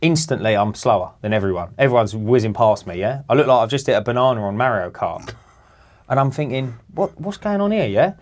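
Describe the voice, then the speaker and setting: Man, podcast co-host, animated sweary storyteller. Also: fairly low pitch, fast talker. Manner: animated, swearing, acts out other people's voices. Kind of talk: casual storytelling.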